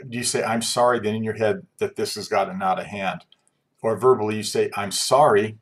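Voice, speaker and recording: A man teaching a class, talking in a calm, reflective, conversational way with occasional fillers. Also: lowish voice, slightly rough. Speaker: instructor. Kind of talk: recorded class lecture.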